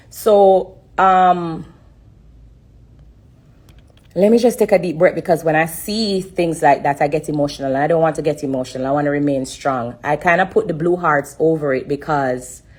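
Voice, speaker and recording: A woman giving an emotional personal testimony on a live stream, halting and repeating herself with many pauses and fillers. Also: low voice, a little mellow, slightly rough.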